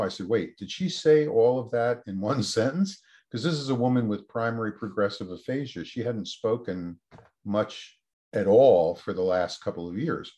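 A man's voice: lowish voice, animated, normal speed, mellow. A man, a researcher, telling a story in an interview answer and acting out the quoted voices with lots of energy. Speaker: researcher guest.

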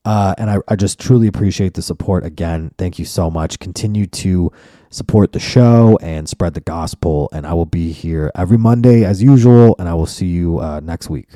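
A man's voice: low-pitched, moderate pace, dark tone, no room sound, studio quality. A man hosting his own podcast in a casual, profane, rambling solo monologue that turns mock-preachy. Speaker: podcast host and comedian.

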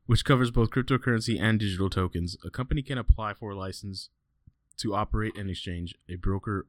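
A man hosting a casual podcast, reading headlines and telling stories in an animated way, swearing freely and laughing often. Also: fairly low pitch, no room sound, clean studio sound. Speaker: podcast host.

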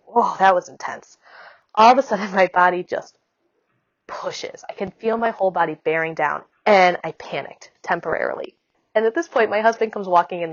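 A woman in her thirties casually recounting giving birth, chatty and quick, full of "like" asides. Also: mid-range voice, dry recording, dull audio. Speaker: mother telling her birth story. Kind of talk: casual storytelling.

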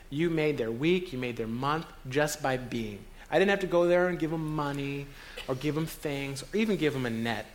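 A man talking in an earnest, emotional way with halting restarts, recounting a trip as host of a conversation. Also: on the high side. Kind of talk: casual storytelling conversation.

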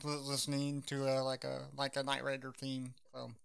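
A man's voice: medium pitch, completely flat delivery, normal speed, vocal fry, clean tone. A man co-hosting a podcast, chatting casually about songs, hesitant with many fillers and trailing words. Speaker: podcast co-host.

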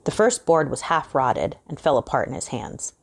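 Casting: woman with a strikingly low voice, reading a horror tale slowly and with suspense. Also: sing-song, creaky, husky. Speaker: host and reader. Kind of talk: dramatic horror story reading.

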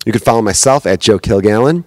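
An American comedian hosts his own podcast solo, bantering loosely in a joking, profane, bar-talk style into a podcast microphone at home. His voice is fairly low and darkish, his pace quick, and the recording dry.

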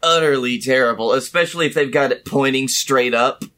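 Bright-toned man, laid-back podcast chat. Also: medium pitch, a little fast. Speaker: podcast co-host. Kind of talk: casual wrestling chat.

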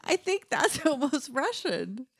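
A woman's voice: sits high, very animated, slow, gravelly, fairly bright tone. A woman co-hosting a podcast in casual chat, laughing often and drifting back from the mic. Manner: giggly, laughs often between words. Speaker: podcast co-host. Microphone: sits back from the mic.

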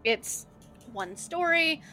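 A woman's voice: very high-pitched, animated, takes it slowly, bright, forceful tone, soft background music. A woman narrating a tabletop game as game master, in a chatty, filler-heavy way.

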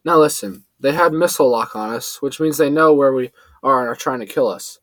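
A man's voice: mid-range voice, a little fast, a bit bright, dry recording, natural voice. A brash young pilot talks bluntly, raising his voice, as a man puts him on. The recording is dry and close. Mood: urgent.

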